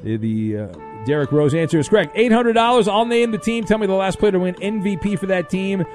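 Over music, a sports radio host with a high-sitting, expressive voice talks fairly quickly. He plays the teasing quizmaster, needling contestants in good fun throughout the game.

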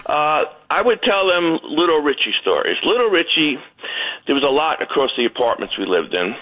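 A man's voice: on the high side, moderate pace. A man, calling in to a radio show and telling stories, acting out the voices of the people in them. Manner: animated, acts out voices in his stories. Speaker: radio caller. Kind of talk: storytelling phone call. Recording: tinny phone line.

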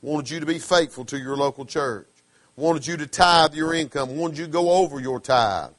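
A man preaching a sermon, swinging from hushed asides to fervent calls, with folksy dialect grammar. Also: a little high, moderate pace, no echo.

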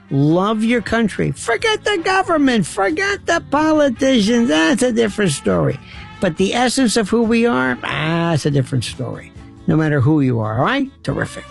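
A man's voice: high-pitched, very animated, gravelly, faint music behind. A man hosting a late-night call-in radio show, theatrical and effusive, bantering with callers and signing off. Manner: theatrical, effusive, quick asides. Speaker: radio talk show host.

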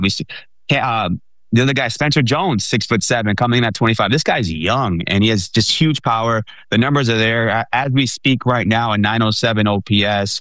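A man co-hosting a sports talk show, talking in an animated way with many fillers. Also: medium pitch, no room sound.

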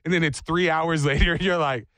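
A man hosting a radio show, chatting and joking with animated energy. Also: on the high side, brisk, dry recording. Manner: animated, joking, acts out voices. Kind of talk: morning radio banter.

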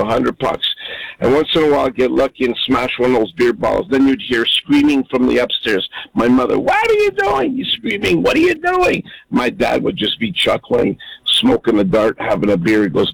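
An older man in his sixties calls in with a heartfelt story and lets it ramble along. His voice is gravelly and full of fry, and he sounds dry and close with no room around him. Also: medium pitch, dry recording, rough recording. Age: 60s. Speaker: caller. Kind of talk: call-in storytelling.

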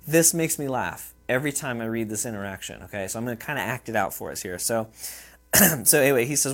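A man's voice: mid-range voice, animated, quick pace. A man preaching a sermon in a conversational way, often checking in with the listeners. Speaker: pastor.

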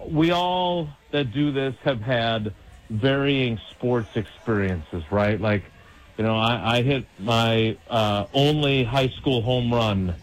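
A man's voice: medium pitch, poor audio. A middle-aged man calling in to a radio show on a phone hotline, rambling and joking at his own expense. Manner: rambling, self-mocking, joking. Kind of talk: casual call-in chat.

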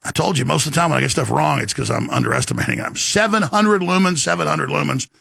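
A man hosting a talk show, delivering an emphatic rant and sales pitch with sudden swings in pitch. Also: racing, creaky, a bit bright, husky, dry recording, studio quality.

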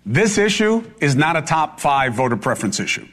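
Challenging host pushing back. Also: male voice, on the high side, big pitch swings, a little fast, fairly bright tone. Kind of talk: heated political debate.

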